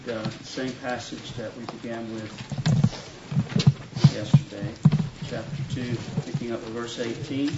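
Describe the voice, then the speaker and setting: A Southern man pastors his flock, reading scripture then teaching in a measured sermon voice. The sound is roomy and distant, as if taped from the back of a meeting hall. The recording itself is dull and muffled. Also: mid-range voice, heavy background noise. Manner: measured, reads scripture aloud then preaches. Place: church retreat meeting room. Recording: echoey, distant, dull live church recording.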